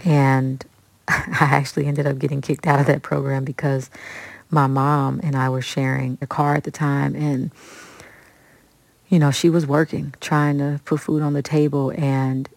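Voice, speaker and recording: A woman in her thirties from Kansas City, an interview guest telling stories in an animated, conversational way. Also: very deep voice, a little slow, creaky, dry recording. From Kansas City, USA. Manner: animated storyteller, acts out quoted voices.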